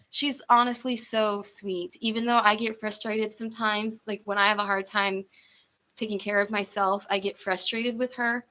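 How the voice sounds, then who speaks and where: A woman's voice: mid-range voice, sharp tone, rough recording. A young woman from the United States chatting casually on a livestream, rambling with fillers and easy laughs. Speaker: livestream host.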